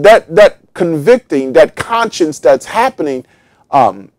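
A man's voice: fairly high pitch, expressive, slow, darkish tone, no room sound. A man who is a pastor, teaching a Bible study in an emphatic preaching manner, repeating phrases for stress. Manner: repetitive, emphatic preaching with fillers.

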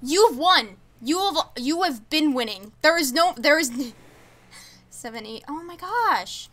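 High, bright-voiced gushing young woman streamer. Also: unhurried, slight background noise. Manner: gushing and stammering, excitable. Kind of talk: casual live-stream chat.

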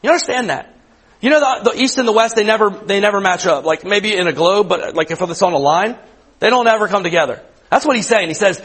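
A man in his thirties with a high, husky voice gives a youth sermon. He preaches conversationally, often repeating a word before finishing a thought and checking in with his listeners. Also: animated, quick pace, a bit bright, poor audio. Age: 30s. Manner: conversational preaching, repeats words, asks the room questions. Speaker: youth pastor. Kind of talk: sermon to students.

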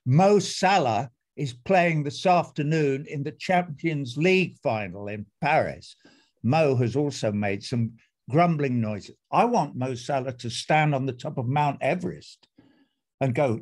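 A man's voice: on the high side, expressive, a little slow, darkish tone. A man giving an impassioned, emphatic speech as an activist guest on a video call, repeating phrases for force.

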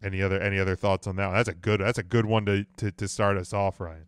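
A man's voice: low-pitched, fairly even intonation, quick pace, clean tone. A man hosting a casual podcast chat, thinking aloud and passing the talk to his co-hosts. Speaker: podcast host.

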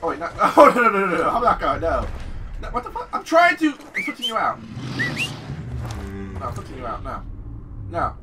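A man giving excitable let's-play commentary, often yelling and cursing at the game he is playing. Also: fairly high pitch, moderate pace, long pauses, recorded from a distance, background noise. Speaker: gaming channel host. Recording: voice a bit off-mic over game music.

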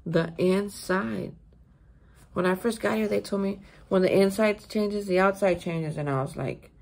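Gravelly, husky woman reflecting on recovery. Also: mid-range voice, unhurried, darkish tone. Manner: emphatic, repeats words for stress. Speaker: recovery vlogger. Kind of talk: casual spoken daily reflection. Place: hotel room.

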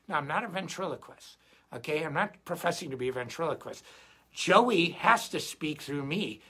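A middle-aged man hosting a guitar live stream, chatting casually and rambling in an animated way, often restarting his sentences. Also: on the high side, normal speed, husky. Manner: rambling, animated, self-interrupting. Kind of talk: casual livestream chat.

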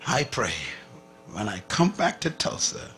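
A man preaching a sermon, telling a story with lively acted-out dialogue and sudden drops from loud to hushed. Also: medium pitch, measured pace, faint music behind. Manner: animated, acts out dialogue, swings from loud to hushed.

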